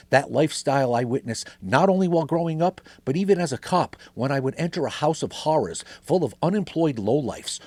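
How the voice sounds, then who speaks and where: A man's voice: mid-range voice, darkish tone, slightly rough, no echo. A middle-aged man hosting a podcast, delivering an angry, sarcastic, swearing political rant. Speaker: podcast host.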